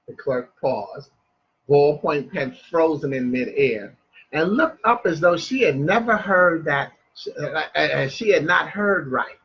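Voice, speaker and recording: A man's voice: a little high, expressive, takes it slowly, fairly bright tone, husky, highs cut off. A man hosting a broadcast, reading a story aloud with chatty asides and stumbling restarts. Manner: chatty, loses his place and restarts.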